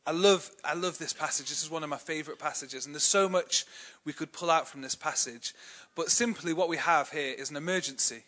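Bright-voiced English preacher, chatty. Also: male voice, on the high side, brisk, hardly any pauses. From England. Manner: chatty and self-deprecating, many fillers, laughs easily. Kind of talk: sermon with personal storytelling.

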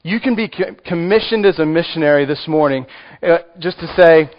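A man's voice: fairly high pitch, a little fast. A man with a Texan accent preaching a sermon, conversational and joking with the congregation. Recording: muffled lo-fi recording.

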